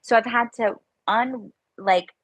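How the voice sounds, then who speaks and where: A woman's voice: a little high, steady tone, slow, slightly rough. A middle-aged woman, an entrepreneur and mom, talking reflectively as a podcast guest and agreeing readily. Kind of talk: casual spiritual conversation.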